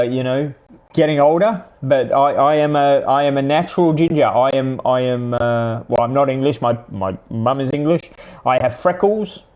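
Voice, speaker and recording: A man, hosting a live stream and chatting casually with viewers in a rambling, halting way. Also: mid-range voice. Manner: rambling, halting, with many restarts. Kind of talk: casual chat answering viewers.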